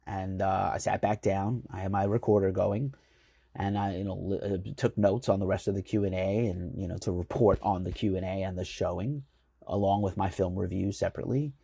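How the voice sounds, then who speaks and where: A man from the United States tells a casual, rambling story, filling it with ums and likes. His low voice is gravelly and a bit husky. The sound is close and dry, with no room around it. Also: steady tone, a little fast, mellow, no echo. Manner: rambling, filler-heavy, enthusiastic. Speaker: magazine chief editor hosting the show.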